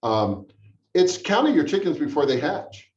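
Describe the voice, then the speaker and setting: A man's voice: on the high side, very animated, normal speed, a little mellow. A man answering questions at a town hall in a blunt, sarcastic manner. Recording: roomy, distant, dull sound.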